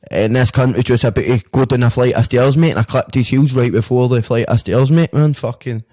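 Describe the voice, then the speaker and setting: A man's voice: medium pitch, fairly quick, mellow. Rambling sweary Glaswegian man. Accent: Glaswegian Scottish. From Scotland, Glasgow. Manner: rambling, slangy and heavily sweary, with constant fillers. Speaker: podcast guest, rapper. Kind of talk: casual storytelling chat.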